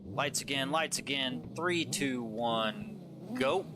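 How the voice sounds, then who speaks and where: Excitable man calling a drift competition. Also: medium pitch, slow, vocal fry, background noise. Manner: excitable, rising on big moments, casual swearing. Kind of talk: live play-by-play commentary. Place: commentary booth.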